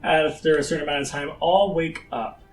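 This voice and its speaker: A man's voice: fairly high pitch, steady tone, fairly quick, over music, low-quality recording. A man narrating a tabletop game as game master in a loose, casual way with lots of filler words.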